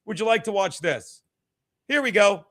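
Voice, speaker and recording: A man's voice: high-pitched, expressive, moderate pace, a bit bright. A stand-up comedian, a man, giving a rambling, profane, combative rant as stream commentary.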